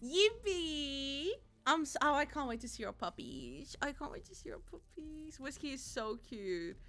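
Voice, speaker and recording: A young woman streaming a game, chatting casually and goofing around with squeaky sung bits and silly voices into a desk mic. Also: animated, moderate pace, fairly bright tone. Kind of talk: casual livestream chat while gaming.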